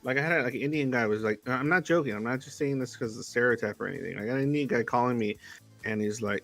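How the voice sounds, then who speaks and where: A man's voice: medium pitch, very fast, creaky, a bit bright, soft background music. A young man ranting in casual livestream chat, swearing heavily and sounding exasperated. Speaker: livestream co-host.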